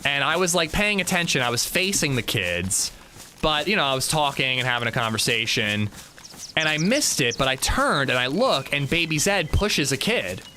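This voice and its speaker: Male streamer, chatty storyteller, animated and bright, faint background hiss. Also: a little high, normal speed. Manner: chatty storytelling, swearing, acting out quotes. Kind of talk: casual livestream chat while gaming.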